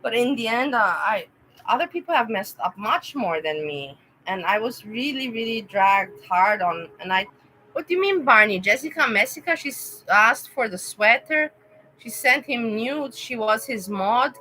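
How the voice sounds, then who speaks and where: A woman's voice: on the high side, lively intonation, measured pace, bright, forceful tone, slight background noise, poor audio. A young woman chatting casually on a livestream, emotional and rambling as she talks to her viewers by name. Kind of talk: casual live-stream chat.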